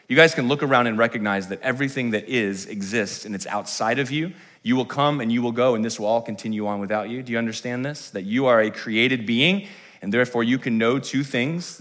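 A man preaching a sermon in church, reading scripture with slow dramatic emphasis and swinging from hushed to loud proclaiming. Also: mid-range voice. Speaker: pastor. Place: church sanctuary.

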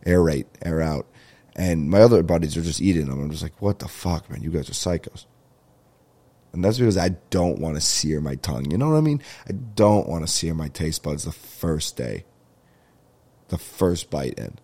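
Warm, rumbling and low, the host's congested, nasal voice stays expressive at a normal speed. He's doing a casual comedy podcast monologue, rambling along with jokes and lots of profanity.

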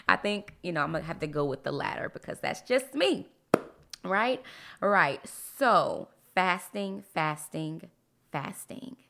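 A woman hosting a casual faith podcast, lively and expressive, her voice swinging up and down as she talks and laughs. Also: medium pitch, unhurried, creaky. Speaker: podcast host.

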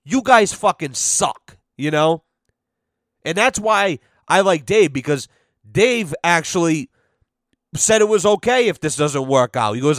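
A man's voice: a little high, lively intonation, measured pace, fairly bright tone, dry recording, studio quality. A young man hosting a podcast, telling a casual story in a profane, exasperated way and acting out what others said. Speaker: podcast host.

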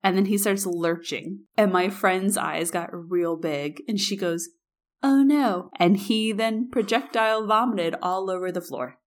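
A young woman co-hosting a podcast, telling a casual story in an animated way and acting out the quotes. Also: medium pitch, unhurried, hardly any pauses. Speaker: podcast co-host.

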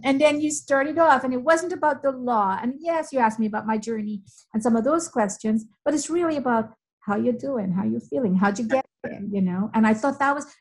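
A woman's voice: a little high, low-quality recording. A middle-aged woman, a family friend, talking emphatically in casual conversation and repeating her points for weight.

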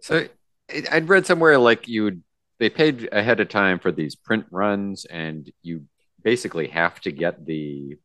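Male podcast host, very deep, dry close sound, halting questions. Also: expressive, a bit bright, no echo. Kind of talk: casual interview chat.

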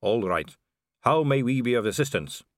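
A man's voice: mid-range voice, lively intonation, moderate pace, no room sound, clean studio sound, natural voice. A man voicing a stiff, proper male city watch captain in an audiobook, formal in manner.

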